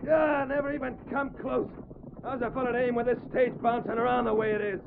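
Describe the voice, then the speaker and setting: An actor playing a gruff, combative frontier stagecoach guard with a gravelly drawl in a vintage radio drama. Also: male voice, extremely high pitch, level tone, fairly quick. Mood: defiant. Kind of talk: 1940s radio acting. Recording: tinny old radio transcription with hiss.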